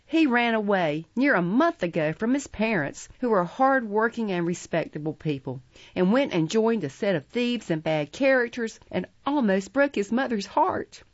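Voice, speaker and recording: A woman voicing a frantic young woman who loudly feigns grief over a runaway brother. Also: expressive, normal speed, no room sound, dull audio, natural voice. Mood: shrill pleading. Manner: shrill, wailing, theatrical.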